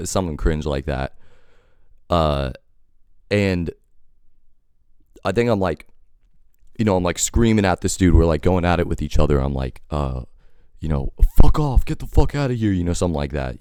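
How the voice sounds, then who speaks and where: Very deep-voiced man telling a rambling story. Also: a little mellow, clear, resonant tone, no room sound, studio quality. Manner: rambling, filler-heavy, wry. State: sick. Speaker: storytelling vlogger. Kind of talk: casual storytime monologue.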